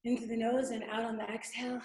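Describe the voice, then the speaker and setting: Brief: high-pitched woman instructor, calm guided vocal exercise, echoey room. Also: quick pace. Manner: calm step-by-step guidance with sustained sung vowels. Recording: roomy echo.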